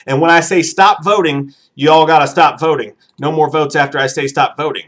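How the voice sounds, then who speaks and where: A man's voice: fairly high pitch, fairly quick, fairly bright tone. A man hosting a casual livestream, giving voting instructions in a playful, jokey, announcer-like way. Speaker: livestream host running a vote.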